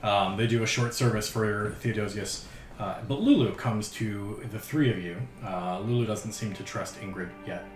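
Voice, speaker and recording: A man narrating a tabletop game as game master in a relaxed way. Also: fairly low pitch, moderate pace. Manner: relaxed, with frequent "uh" fillers. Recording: roomy with background music.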